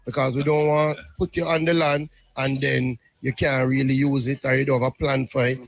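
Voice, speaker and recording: A man's voice: mid-range voice, little pitch movement, normal speed, vocal fry, dry recording. A man, a government minister explaining policy patiently in an interview, often checking in with "right?". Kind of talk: interview answers.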